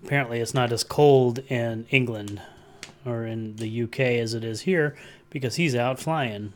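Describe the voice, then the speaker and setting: A man hosts a casual livestream, rambling through his chat with the viewers. His talk is loose and conversational, and he answers comments aloud as they arrive. His voice sits at an ordinary middle pitch. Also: moderate pace. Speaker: livestream host.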